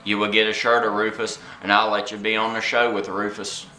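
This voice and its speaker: A man doing a comedic vlog monologue to camera, boastful and brash, with drawn-out pauses. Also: lowish voice, flat delivery, bright, forceful tone, reverberant. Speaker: comedic vlogger.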